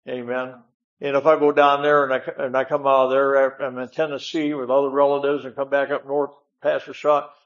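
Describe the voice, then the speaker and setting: A man's voice: mid-range voice, muffled recording. A man preaching a folksy, emphatic sermon in a church, often repeating amen. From northern United States. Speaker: guest preacher.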